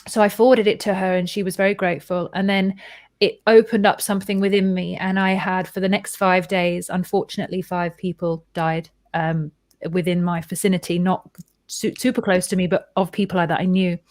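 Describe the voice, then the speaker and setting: A woman hosting a casual conversation, telling a personal story in a chatty, animated way with many restarts and acted-out quotes. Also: on the low side, brisk, no echo, studio quality. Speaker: host.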